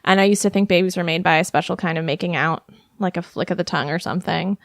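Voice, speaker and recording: A woman's voice: on the low side, fairly even intonation, fast talker, no echo, studio quality. A young adult woman comedian, a podcast guest, telling stories in a loose, chatty way with lots of fillers. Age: 20s to 30s. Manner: chatty storytelling with many fillers and laughs. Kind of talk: casual podcast interview.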